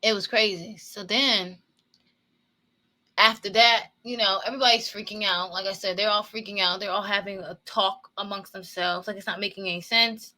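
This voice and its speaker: A woman's voice: mid-range voice, steady tone, moderate pace, pushed and bright. Profane casual woman recapping a film. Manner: profane, repetitive, opinionated retelling. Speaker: movie commentator. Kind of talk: casual movie reaction commentary.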